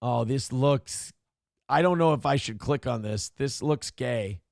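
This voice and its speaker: A man's voice: medium pitch, a little slow, creaky, a little mellow, dry recording, clean studio sound. A man hosting a live morning show, joking, swearing freely and reading viewer messages aloud. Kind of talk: casual live-stream talk.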